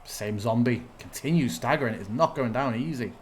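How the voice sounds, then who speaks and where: A man in the game master's chair, narrating a tabletop game at a mid pitch, with a faint hum behind him. He thinks aloud as he looks up rules and describes what the characters do. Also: fairly quick.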